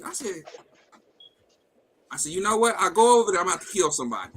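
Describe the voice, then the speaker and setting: A man's voice: sits high, big pitch swings, fast, a bit bright, slight background noise, rough recording. A man hosting a live talk stream, telling a personal story in a blunt, profane, heated way and acting out the quoted dialogue. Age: adult with a wife and kids. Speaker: host. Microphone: video call setup.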